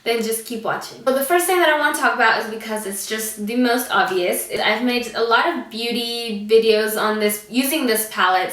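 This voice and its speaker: Breathless chatty woman vlogger, slightly high voice, set back from the mic in an echoey room. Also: fairly bright tone, far from the mic. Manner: chatty, lots of fillers. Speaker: beauty vlogger. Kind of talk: casual chat to camera.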